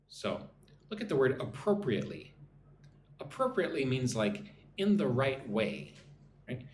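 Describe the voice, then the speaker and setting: A man's voice: medium pitch, very animated, normal speed, pauses often, slight background noise. A man teaching an English lesson on a live stream, sounding out words syllable by syllable, repeating phrases and greeting viewers in the chat.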